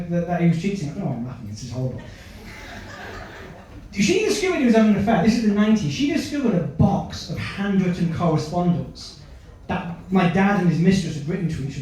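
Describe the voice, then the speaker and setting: A man's voice: high voice, dark tone. A man doing a stand-up set, chatting and quizzing audience members from the stage. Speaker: stand-up comedian. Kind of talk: stand-up set with crowd work. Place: comedy club stage. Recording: echoey club, from a distance.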